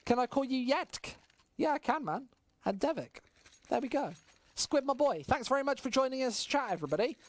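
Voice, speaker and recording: A woman from the West Midlands calls a match with her own local accent. She chats loosely with viewers between rounds. She bursts into loud excitement whenever a big play happens. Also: high-pitched, a little fast. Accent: West Midlands English. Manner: swings from relaxed chat-reading to shouting excitement at big plays. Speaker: esports caster. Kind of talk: solo play-by-play commentary on a stream.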